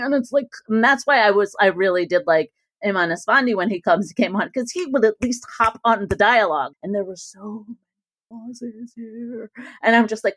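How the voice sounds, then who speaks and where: An animated woman in casual podcast chat, her voice sitting in a middle register and recorded close and dry, with no room around it. She laughs a lot and keeps slipping into slow, droning mock voices to make her point. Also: medium pitch, dry recording. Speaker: returning guest, former cohost.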